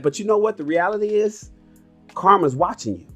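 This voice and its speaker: A man in his forties with a fairly high voice talks bluntly and animatedly to his viewers, often swearing as he tells a story. Faint guitar music plays behind him. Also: expressive, a little fast, a bit bright. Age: 40s. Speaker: podcast host. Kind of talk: casual livestream chat.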